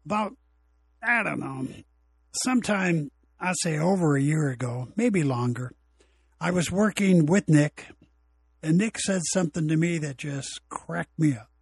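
A man's voice: on the high side, a little slow, creaky, breathy edge, no room sound. A man hosting his own podcast, talking in a rambling, blunt and opinionated way. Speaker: podcast host. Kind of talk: casual solo podcast monologue. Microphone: home recording equipment.

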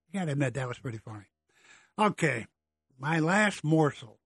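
A man's voice: a little high, noisy background. A middle-aged man hosting a blunt, exasperated political monologue, ranting about government and politicians. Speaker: political commentary host.

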